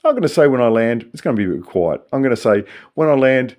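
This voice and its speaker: Older aussie bloke rambling on, swears a bit, mid-pitched voice. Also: male voice, animated, fast talker, a little mellow. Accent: Australian. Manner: rambling, tangential, profane. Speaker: vlogger. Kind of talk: rambling solo monologue.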